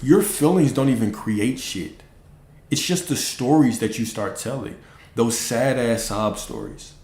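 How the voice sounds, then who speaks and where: Man, low voice, blunt preachy coaching talk, echoey room. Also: a little mellow. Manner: blunt, preachy, profane, mocks listeners in high put-on voices. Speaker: manifestation coach. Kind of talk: casual livestream talk.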